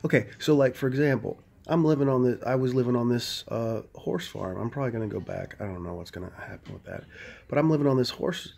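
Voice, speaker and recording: A man's voice: medium pitch, vocal fry, darkish tone. A man talking casually into a handheld phone camera, rambling, full of "like" and frequent swearing. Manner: rambling, heavy on "like", swears freely. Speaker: vlogger.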